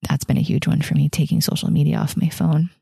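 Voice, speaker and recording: A pregnant woman in her thirties talks in a candid, chatty way on her own podcast, laughing often and circling back on her words. Her voice sits low and mellow. The sound is close and dry, with no room around it. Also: level tone, quick pace, creaky, breathy edge, no echo. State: heavily pregnant. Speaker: podcast host. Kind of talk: casual personal reflection.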